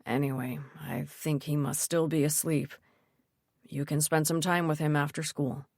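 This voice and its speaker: A woman reading an audiobook, voicing a careful, evasive middle-aged father in a lowered, quiet, guarded delivery. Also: steady tone, normal speed, dry recording, clean studio sound.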